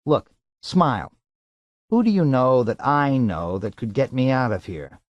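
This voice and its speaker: A man's voice: mid-range voice, very animated, measured pace, no echo, lo-fi sound, voice pushed up. A man voicing an impatient, harried middle-aged businessman who talks in a pressing, irritable way.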